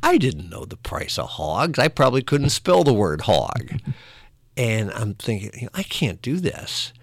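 A former morning radio host telling old stories in a relaxed conversational way, self-deprecating and laughing often, with small restarts. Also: male voice, mid-range voice, measured pace, slightly rough, dry recording, studio quality. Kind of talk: conversational storytelling.

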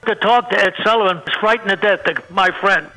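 High, bright-voiced older male storyteller. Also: fairly quick, poor audio. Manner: rambling, self-interrupting, laughs at own punchlines. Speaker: interview guest, comedian. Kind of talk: anecdotal storytelling.

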